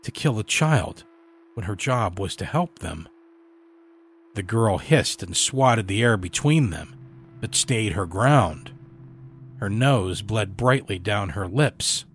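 A man reading a horror story aloud in a measured, dramatic storytelling delivery. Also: fairly low pitch, lively intonation, a little hiss or hum. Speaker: story narrator. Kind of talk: scripted horror narration.

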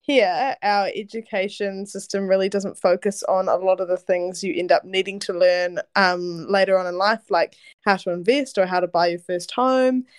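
A woman's voice: medium pitch, steady tone, normal speed, clear, resonant tone. Friendly New Zealand woman. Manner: friendly, laughs easily. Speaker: podcast guest. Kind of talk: casual chat.

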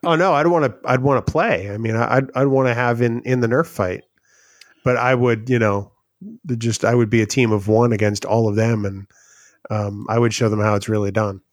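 Man, podcast co-host, casual chat, sardonic, mid pitch, dry close sound. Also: steady tone, normal speed, dry recording.

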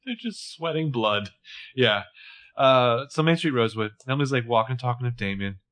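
A man's voice: medium pitch, normal speed. A man co-hosting a casual podcast, recapping a TV episode scene by scene and acting out the characters' lines. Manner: animated, recounts scenes with acted quotes. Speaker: podcast co-host.

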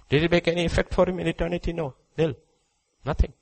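A man preaching a sermon who swings between hushed, low passages and loud, high exclamations. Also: steady tone, fast talker, creaky, dry recording, low-quality recording.

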